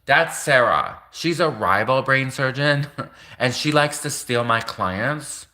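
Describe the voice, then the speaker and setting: Bright-voiced, rambling young man. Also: mid-range voice, animated, takes it slowly. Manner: rambling, heavy "like" filler, frequent laughter. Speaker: livestream host. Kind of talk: rambling casual monologue.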